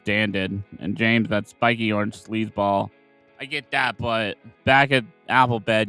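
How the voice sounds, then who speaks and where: A man's voice: fairly low pitch, pushed and bright. A man reading game dialogue aloud during a playthrough, shifting between character voices.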